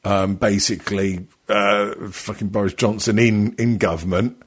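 A man's voice: lowish voice, fairly even intonation, unhurried, breathy edge. A man co-hosting a podcast, chatting casually, swearing often, rambling and laughing a lot. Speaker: podcast co-host. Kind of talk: casual banter.

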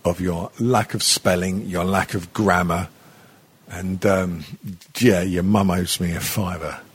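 A man's voice: deep voice, fairly even intonation, a little slow, husky. A middle-aged man with a crude, rambling, mocking way of talking in a casual chat, swearing often and laughing as he goes.

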